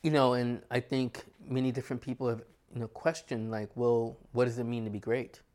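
A man's voice: mid-range voice, flat delivery, a little fast, darkish tone. An American man, an astrologer, talking in a reflective, casual conversation full of rhetorical questions. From United States.

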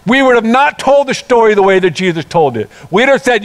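A man preaching a sermon, retelling a parable with animated storytelling and acted-out voices. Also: sits high, brisk, few pauses.

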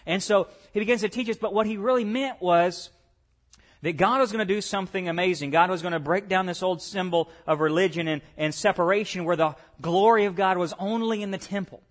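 A man preaching a sermon as pastor, swinging between loud excitement and hushed tones, with chatty asides to the congregation. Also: high-pitched, a little fast. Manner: conversational asides and check-ins with the congregation.

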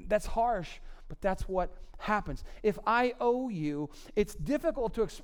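A man in his forties preaching on marriage with a high, smooth, resonant voice. He talks conversationally to the congregation, punching some lines loudly and dropping others to a near murmur. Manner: animated, swings between loud emphasis and low quiet asides. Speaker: pastor. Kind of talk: sermon on marriage.

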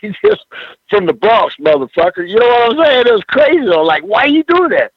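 A man's voice: sits high, big pitch swings, brisk, breathy edge. Profane older man spinning wild stories. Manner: profane, rambling storyteller with frequent "you know what I'm saying". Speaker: former pro wrestler, interview guest. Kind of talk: casual storytelling interview. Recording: dull lo-fi radio audio.

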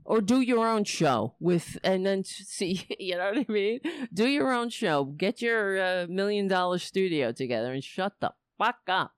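A woman's voice: mid-range voice, lively intonation, moderate pace, smooth, dry recording, studio quality. Blunt, swearing woman ranting on a livestream. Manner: blunt, profane, exasperated. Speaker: political livestream host. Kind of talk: casual ranting commentary to a live chat. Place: home setup. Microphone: cheap home microphone with headphones.

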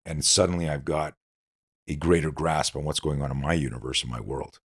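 A middle-aged man, a guest on a talk show, telling animated stories and acting out both sides of conversations in casual interview talk. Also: rumbling low, brisk, husky, no echo, studio quality. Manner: animated storyteller acting out dialogue. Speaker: podcast guest, self-defense instructor.

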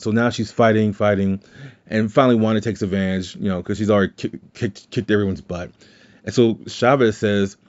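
A man's voice: lowish voice, fairly even intonation, normal speed, a little mellow. A man hosting a podcast who casually recaps a movie's plot in a rambling way, retelling scenes with quoted lines. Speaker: podcast host. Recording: dull lo-fi sound.

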